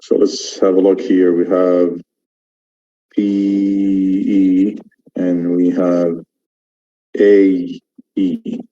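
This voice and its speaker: A man's voice: low voice, flat delivery, very slow, pauses often, mellow, muffled recording. A man teaching an English exam course, explaining pronunciation and repeating key words as he demonstrates them. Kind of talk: online lecture.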